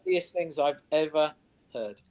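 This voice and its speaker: Man, co-host, storyteller, slightly high pitch, casual chat that slips into voices now and then. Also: unhurried. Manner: animated anecdote-telling, mimics voices in quotes. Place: studio.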